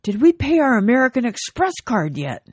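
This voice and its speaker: A woman's voice: a little high, sing-song, moderate pace, darkish tone, breathy edge, no room sound, pitched above the performer's own voice. A woman voicing a fretful elderly husband in a told joke. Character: anxious elderly husband on island.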